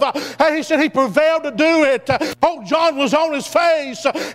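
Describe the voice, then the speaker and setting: A man preaching a fervent sermon, peppering his lines with "uh, hey" and building up to shouts. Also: very high-pitched, moderate pace, hardly any pauses. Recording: long hall reverb.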